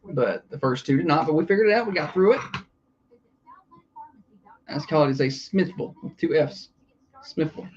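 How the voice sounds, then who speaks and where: A man's voice: fairly high pitch, animated, normal speed, pauses often, highs cut off, slight background noise. Man, morning radio host, easygoing jokey banter. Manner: joking, easygoing rambling.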